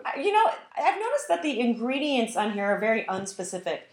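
A woman's voice: fairly high pitch, very animated, fairly quick. Woman podcast co-host, wry and teasing, reads recipes, echoey room. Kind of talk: casual chat.

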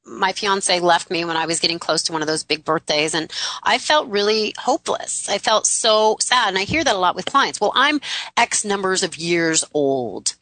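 A woman's voice: mid-range voice, moderate pace, bright, forceful tone, dry recording. A woman hosting a radio interview show, speaking in an upbeat, emphatic inspirational way.

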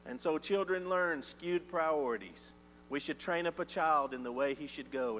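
A man preaching a sermon, swinging from loud emphatic lines to quiet ones. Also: fairly high pitch, normal speed. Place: church sanctuary. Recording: reverberant church hall with faint hum.

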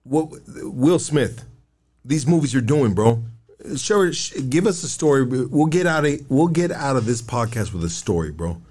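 Mellow, husky-voiced man hosting. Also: medium pitch, lively intonation, moderate pace. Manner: laid-back, cracks jokes, says bro a lot. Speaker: podcast host. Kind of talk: casual interview banter.

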